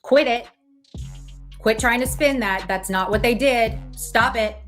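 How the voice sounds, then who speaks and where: A woman with a fairly high voice rants on a livestream and fires off profane insults. She sounds furious and accusing, and faint music plays under her talk. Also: a little slow. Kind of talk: heated livestream rant.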